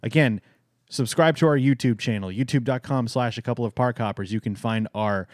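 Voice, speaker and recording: A man's voice: mid-range voice, fairly quick, no echo, clean studio sound. A young man co-hosting a podcast in casual chat, playful and jokey, running the sign-off promos. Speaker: podcast co-host.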